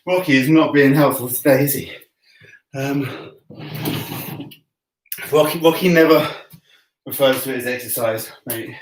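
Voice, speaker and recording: Recorded from a distance in an echoey room at home, this man's mid-range voice comes from off-mic. He's a fitness coach running a workout class, chatty and joking, and he's out of breath between sets.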